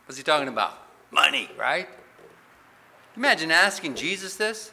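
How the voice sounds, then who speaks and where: A man's voice: a little high, sing-song, moderate pace, vocal fry, long pauses, a little hiss or hum. A man preaching a sermon as pastor, asking the congregation questions and reading Scripture aloud with rising force. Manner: emphatic preaching, rising loud on questions and Bible quotes.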